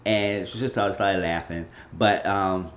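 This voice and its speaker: A man's voice: sits low, fairly even intonation, moderate pace, a bit bright, muffled recording, slight background noise. A man casually recapping a reality show episode for his channel, rambling along and retelling scenes in quoted voices. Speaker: YouTube recap host.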